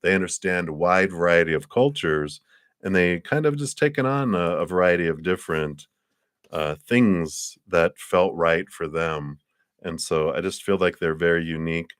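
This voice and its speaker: A male tarot reader talks through a live-stream card reading in a low voice. He rambles warmly from card to card and laughs often. His voice sits close and dry on the mic, with no room around it. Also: normal speed, clean tone, no echo.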